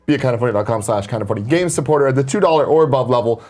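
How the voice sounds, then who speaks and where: A man's voice: medium pitch, animated, very fast, a little mellow. A young man co-hosting a morning talk show, chatting casually, swearing freely and mimicking lyrics in put-on voices. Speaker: podcast co-host. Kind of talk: casual chat.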